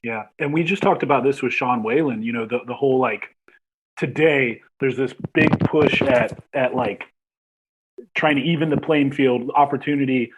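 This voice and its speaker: A man's voice: mid-range voice, normal speed, background noise. A man hosting a podcast interview, talking casually and rambling with many fillers. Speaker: podcast host.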